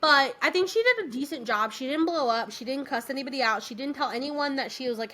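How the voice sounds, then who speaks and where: A woman co-hosting a podcast, chatting casually and retelling a musical's plot with lively quoted voices. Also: high voice, brisk, hardly any pauses. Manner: animated retelling with quoted voices, frequent fillers. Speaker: podcast co-host. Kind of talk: casual chat recapping a musical.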